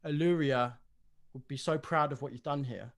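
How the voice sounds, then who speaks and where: A man's voice: mid-range voice, moderate pace, close to an everyday voice. Man playing an earnest young devotee. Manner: earnest, eager storytelling.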